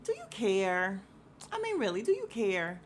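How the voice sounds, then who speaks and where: A woman's voice: mid-range voice, huge pitch swings, a little slow, a little hiss or hum. A woman hosting a podcast, giving a casual, opinionated recap of a reality show with slang and frequent laughs. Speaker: podcast host.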